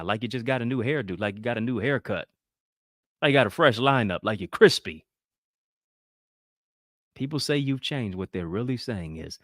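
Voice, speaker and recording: A man delivers a motivational talk in a preaching style, his pitch swinging widely from line to line. He keeps checking in with his listeners through quick questions and call-and-response. The sound is close and dry, with no room around it. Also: no echo. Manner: call-and-response, rhetorical questions, playful quoted voices. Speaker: motivational speaker.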